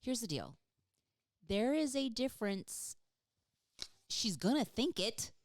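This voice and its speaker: A woman co-hosting a podcast in casual chat, telling stories with animated, laughing delivery. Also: fairly high pitch, slow, no echo, studio quality. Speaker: podcast co-host.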